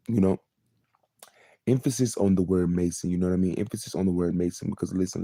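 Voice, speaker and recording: A man's voice: low-pitched, steady tone, a little fast, mellow, no echo. A man in his twenties hosting his own live show, talking in a rambling, repetitive monologue about himself. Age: 20s. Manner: rambling and repetitive, many fillers. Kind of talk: casual confessional monologue.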